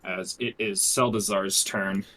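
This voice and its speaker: A man's voice: sits low, steady tone, a little slow, sharp tone. A man working as game master, calling out turns and patiently explaining spell rules, laughing often. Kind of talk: running a tabletop game.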